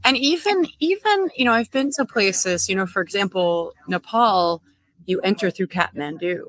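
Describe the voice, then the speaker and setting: A woman talking as a podcast guest in a reflective, measured way. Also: medium pitch, animated, fairly bright tone, no room sound, poor audio. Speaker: podcast guest, personal trainer. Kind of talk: casual podcast chat.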